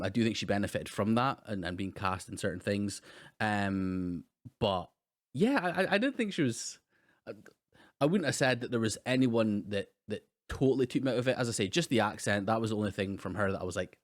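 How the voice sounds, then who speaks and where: A man co-hosting a film podcast, talking in a hesitant, measured way with lots of fillers. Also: on the low side, animated, no echo, studio quality. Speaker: podcast co-host. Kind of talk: casual film discussion.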